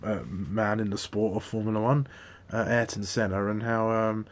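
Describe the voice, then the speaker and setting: A man co-commentating a sim race, telling rambling anecdotes with halting restarts. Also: on the low side, little pitch movement, a little hiss or hum.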